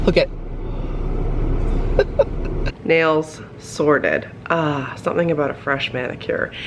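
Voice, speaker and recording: A woman in her thirties chatting excitedly to camera at home for her vlog, talking straight to her viewers. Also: deep voice, background noise. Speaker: vlogger. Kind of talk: casual vlog talk to camera. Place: at home indoors.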